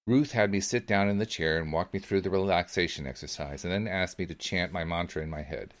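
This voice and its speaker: A man reading a book aloud as a podcast host, narrating in the first person in a measured, steady way. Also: sits low. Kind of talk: audiobook-style reading.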